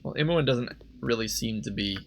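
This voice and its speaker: A man's voice: medium pitch, moderate pace, vocal fry, slight background noise. Rambling young man playing a game. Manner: rambling, self-questioning, laughs easily. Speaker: let's play host. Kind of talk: casual game commentary. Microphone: desk microphone.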